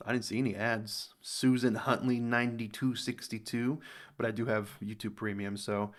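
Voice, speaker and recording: An American man talks through a reaction video in loose, rambling commentary. His voice sits in an ordinary middle pitch but leaps up high when something surprises him. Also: a little slow. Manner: rambling, thinks aloud, animated jumps in pitch. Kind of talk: casual commentary reading comments.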